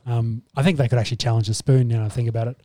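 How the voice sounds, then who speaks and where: A laid-back Australian man talking footy as a podcast co-host. His voice is dark and mellow, and it sits dry and close to the mic. He speaks casually and thinks out loud as he goes. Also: mid-range voice, steady tone, rapid-fire, no echo. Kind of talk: casual sports chat.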